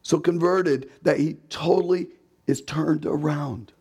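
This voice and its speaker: A man's voice: fairly high pitch, fairly even intonation, unhurried, darkish tone, breathy edge. A man preaching a sermon in a conversational way, with rhetorical questions and emphatic repetition, and acting out the voices he quotes. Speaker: pastor.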